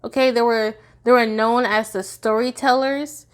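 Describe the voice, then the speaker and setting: A woman's voice: a little high, steady tone, normal speed. A woman giving a casual tarot reading to her viewers, chatty and goofy, laughing often and sounding tired. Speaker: tarot reader.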